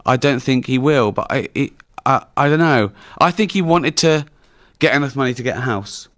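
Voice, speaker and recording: Laughing English comedian telling stories. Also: male voice, mid-range voice, animated, normal speed, a bit bright, no echo, studio quality. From England. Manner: swearing storyteller, laughs often, mimics people. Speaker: comedian guest. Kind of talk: live stage conversation.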